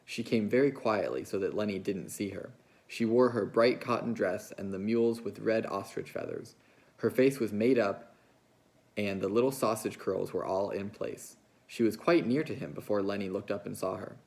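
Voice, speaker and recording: A man, a teacher, reading a novel aloud in a steady, measured storytelling manner. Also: lowish voice, vocal fry.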